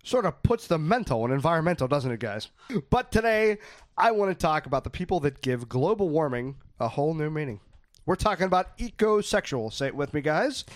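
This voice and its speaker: A man's voice: on the high side, fairly quick, no echo, clean studio sound. A man hosting a comedy show, teasing his co-hosts in playful banter. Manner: playful, teasing, lively delivery.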